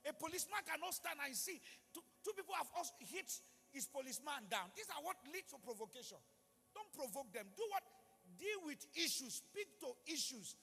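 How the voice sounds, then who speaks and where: Nigerian pastor preaching, really high sharp voice, pleading, big church echo. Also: male voice, big pitch swings, fast, vocal fry, faint music behind. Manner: preachy and pleading, with sudden loud emphatic rises. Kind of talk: sermon. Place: large church.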